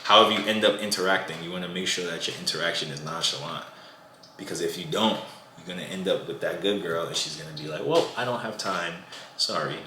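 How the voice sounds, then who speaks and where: A man's voice: sits low, fairly even intonation, fast talker, bright, forceful tone, roomy sound, a little hiss or hum. A man casually giving dating advice to the camera, loose and conversational, often asking "you know what I'm saying".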